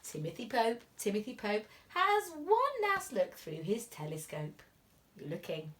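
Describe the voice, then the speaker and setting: A woman teacher reading a picture book aloud to young children, animated and expressive, dropping to whispers at tense moments. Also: medium pitch, measured pace. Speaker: reception class teacher.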